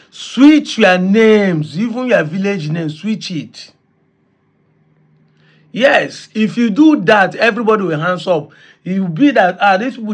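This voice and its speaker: A Nigerian man with a Nigerian accent giving mocking reaction commentary, often laughing between points and mixing in Pidgin and Igbo. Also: a little high.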